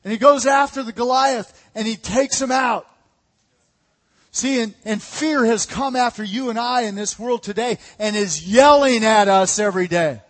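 A man preaching a sermon as pastor, energetic and conversational, calling out to his congregation. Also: very high-pitched, normal speed. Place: church hall. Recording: echoey hall.

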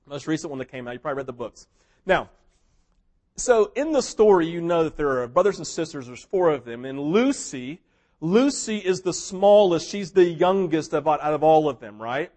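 A man preaching a sermon in a fairly high voice. He tells his story with animation, rising to loud, excited peaks and dropping to quiet, hushed moments, and briefly acts out the characters as he goes. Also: normal speed. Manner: mimics characters in quoted asides. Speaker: pastor.

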